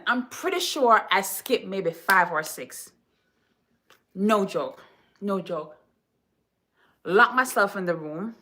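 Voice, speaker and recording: A woman from Jamaica, a home decor vlogger, telling stories to her viewers in an animated, chatty, dramatic way. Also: mid-range voice. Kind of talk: casual storytelling to viewers.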